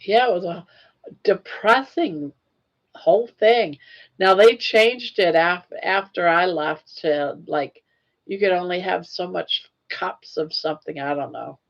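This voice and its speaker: A woman's voice: on the low side, measured pace, highs cut off. An older woman hosting a casual livestream, telling stories in a chatty way and laughing often. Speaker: livestream host. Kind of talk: casual chat.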